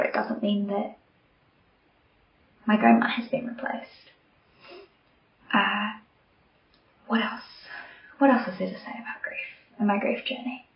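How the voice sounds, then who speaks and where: Young woman podcast host, earnest and open, soft near-whispers at times; roomy, slightly muffled home recording. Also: a little high, gravelly. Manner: candid, earnest, softening to near-whispers at tender moments. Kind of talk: personal reflective monologue.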